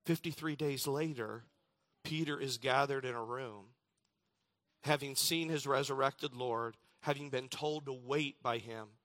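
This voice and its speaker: A man preaching a sermon, reading scripture dramatically and swinging between loud declarations and hushed lines. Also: medium pitch, measured pace. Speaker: pastor.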